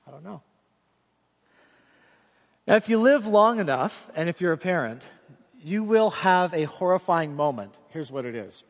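A man's voice: sits high, lively intonation, moderate pace. A middle-aged man preaching a sermon as pastor, earnest and direct, telling stories with animation. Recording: reverberant hall sound.

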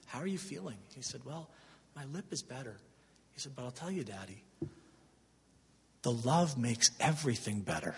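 Husky-voiced man preaching in echoing hall. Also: mid-range voice, fairly bright tone. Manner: conversational preaching with personal anecdotes. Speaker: pastor. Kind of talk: sermon. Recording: long hall reverb.

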